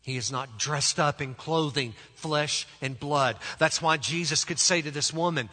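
In a church sanctuary full of long reverb, a man delivers a sermon as pastor. He is emphatic and pauses deliberately, frequently sinking to a soft, low register.

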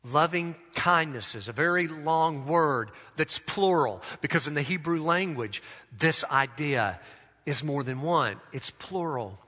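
A man preaching a sermon, drawing out phrases and letting his sentence endings fall soft. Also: fairly high pitch, animated, measured pace, long reverb tail. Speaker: pastor.

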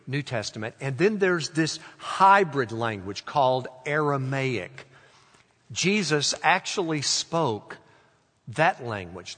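A man preaching a sermon in a slow, deliberate way, stretching out quoted phrases and letting them fall soft. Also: on the high side. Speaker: pastor. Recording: long hall reverb.

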